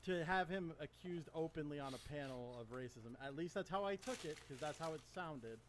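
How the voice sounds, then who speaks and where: A man hosting a live stream panel, speaking in a measured, hesitant way with frequent restarts. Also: on the high side, expressive, background noise.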